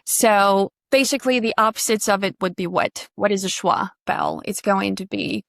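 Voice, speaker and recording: A woman's voice: medium pitch, normal speed, gravelly, a bit bright, no echo, clean studio sound. A woman coaching pronunciation in a casual online lesson, chatty and quizzing her student, swearing now and then.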